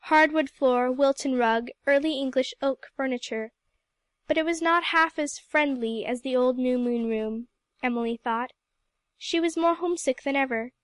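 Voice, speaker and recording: A woman narrating a novel in a gentle, even storybook reading. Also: sits high, normal speed, no room sound. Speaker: audiobook reader. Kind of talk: scripted narration.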